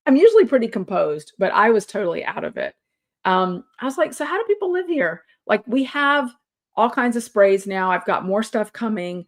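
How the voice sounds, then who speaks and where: A middle-aged woman with a drawl, talking like she's catching up with a friend. Her pitch sits in an ordinary middle range, and she rambles through the story with plenty of "um" and "like." It has the loose feel of a casual vlog chat. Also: moderate pace. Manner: chatty, animated storyteller with lots of fillers. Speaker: yarn studio owner and vlog host.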